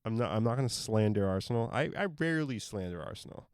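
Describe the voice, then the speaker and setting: Man, podcast co-host, relaxed joking chat, smooth resonant voice, dry close sound. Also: on the low side, quick pace, no echo. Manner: joking, laid-back, trails off into asides. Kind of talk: casual sports chat. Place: home podcast studio.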